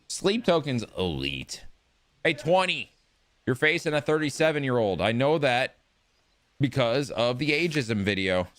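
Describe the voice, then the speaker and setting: A man live-streaming a baseball video game, chatting casually and rambling excitedly to his viewers as he plays. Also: medium pitch, measured pace, no echo. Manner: rambling, excitable, talks to chat while playing.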